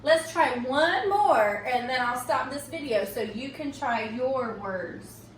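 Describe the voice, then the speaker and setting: A woman teacher slowly and patiently walking children through a recorded phonics lesson, often checking in with "okay?". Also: high voice, animated, a little hiss or hum. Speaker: reading teacher. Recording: echoey room, mic at a distance.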